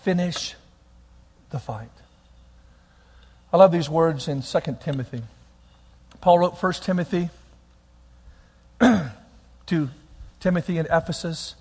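Male pastor, sermon, high voice, big dynamic swings, long church hall reverb. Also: unhurried, long pauses, husky. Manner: animated, swings between loud bursts and quiet, near-whispered lines.

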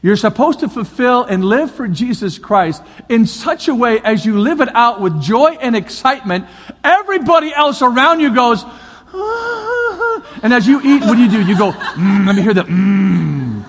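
A man preaching as a pastor, energetic and coaxing, often repeating his calls to the crowd. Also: very high-pitched, normal speed. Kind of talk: lively sermon demonstration. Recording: long hall reverb, faint crowd.

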